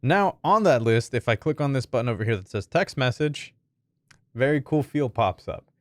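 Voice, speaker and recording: A man hosting a software tutorial, walking through settings in a friendly, jokey, energetic way. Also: medium pitch, moderate pace, dry recording, clean studio sound. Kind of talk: upbeat screen-recorded tutorial.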